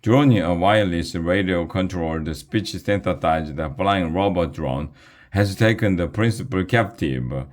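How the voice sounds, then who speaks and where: A man reading a storybook aloud, voicing an eager television reporter in a hurried manner. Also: deep voice.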